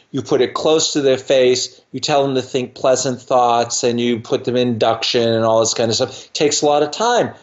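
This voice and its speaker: A man in his sixties, a dentist guest on a podcast, telling anecdotes in a lively way and acting out other people's voices in quick asides. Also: medium pitch, highs cut off. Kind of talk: animated anecdotal storytelling.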